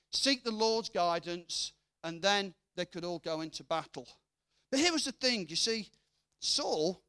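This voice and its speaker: A man's voice: high-pitched, pushed and bright. A man preaching a sermon, reading scripture and then chatting through the story, acting out the voices of its characters. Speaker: guest preacher.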